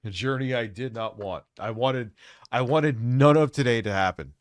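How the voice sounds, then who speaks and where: A man in his forties rants crudely, swearing at every turn while sounding stressed and worn out. His voice sits at an ordinary pitch. The sound is close and dry. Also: normal speed, dry recording. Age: 40s. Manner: crude, blunt, swears constantly. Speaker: livestreamer reacting to a video. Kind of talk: profane late-night stream rant.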